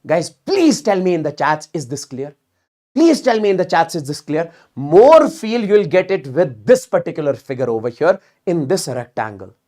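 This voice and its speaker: The physics teacher runs his live online exam-prep class at a normal speed, his voice a little high. Words come out in animated bursts with repetition, and he keeps checking in with the students.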